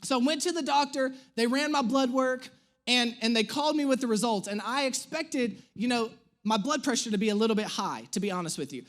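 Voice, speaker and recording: A man in his thirties, a pastor, telling a humorous personal story in an animated, self-mocking way during a sermon. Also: very high voice, fairly quick. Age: 30s. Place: church stage.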